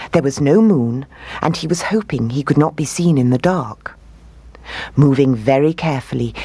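A woman reading a fairy tale aloud as storyteller, expressive and rising on key words. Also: rumbling low, breathy edge, dry recording.

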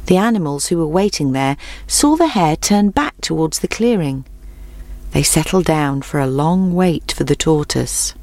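A woman reading a children's story aloud in a gentle, clear, expressive way. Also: low voice, dry recording.

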